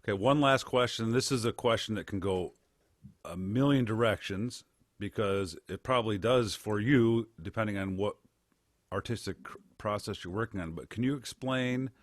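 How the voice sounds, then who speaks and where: A man's voice: fairly low pitch, normal speed, dry recording, studio quality. A man hosting a casual interview, asking questions in a loose, friendly way. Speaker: interview host.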